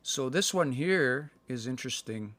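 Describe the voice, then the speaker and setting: A man from Canada giving a casual livestream language lesson, thinking aloud and slowly sounding out words between fillers. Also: mid-range voice, animated, a bit bright, no room sound. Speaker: language learner sharing practice phrases. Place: indoors, livestream. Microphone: phone.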